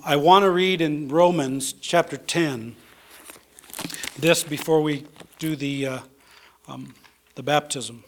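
A man's voice: on the high side, fairly bright tone. Man preaching a sermon, repeating key phrases. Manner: reads scripture aloud with fillers between. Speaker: pastor. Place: church.

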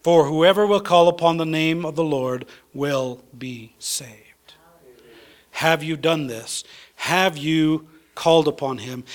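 A man preaches a sermon in a church, his voice sitting slightly higher than most men's. He reads scripture aloud, stops for fillers, then drives his key points home by saying them twice. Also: takes it slowly. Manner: preaches with rising emphasis, repeats key phrases. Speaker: pastor.

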